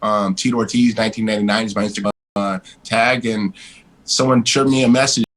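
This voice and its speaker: Blunt, animated man telling stories. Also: fairly low pitch, fairly quick, poor audio. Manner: blunt, animated, swears freely. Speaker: interview guest. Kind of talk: casual interview storytelling.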